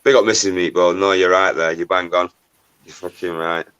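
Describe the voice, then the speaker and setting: A man's voice: low-pitched, steady tone, moderate pace, fairly bright tone, clean tone, no room sound. A man hosting a livestream, chatting casually, swearing, and greeting viewers by name. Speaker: livestream host. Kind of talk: casual chat.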